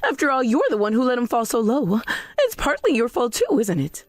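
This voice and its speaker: A woman plays a young fiancée in a storybook drama, cutting and accusing in tone. Her voice is a bit high with a wide, lively pitch, recorded close and dry. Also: fairly quick, no echo.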